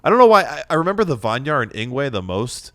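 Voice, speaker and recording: A man's voice: mid-range voice, sing-song, fast, fairly bright tone, no room sound. A man co-hosting a casual podcast chat about a book, cracking crude jokes. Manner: joking, crude wisecracks. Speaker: podcast co-host.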